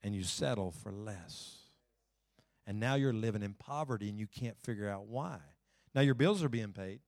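A male pastor preaching a sermon in a conversational way, swinging between emphatic lines and hushed, quiet ones. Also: lowish voice, lively intonation, normal speed, no echo, studio quality.

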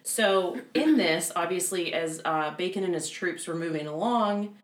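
Woman, low voice, chatty history storyteller, sarcastic asides, echoey room. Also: a little slow. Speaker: podcast co-host telling history. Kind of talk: casual chat.

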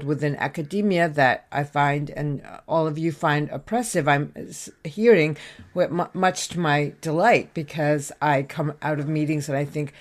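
An American woman speaking on a panel discussion, thoughtful but halting, with many ums and restarts. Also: low-pitched, darkish tone. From United States. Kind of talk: remote discussion contribution.

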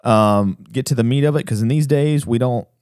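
Fast-talking man hosting a religious podcast. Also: medium pitch, a little mellow, no echo, clean studio sound. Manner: fast, urgent, self-interrupting. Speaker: podcast host.

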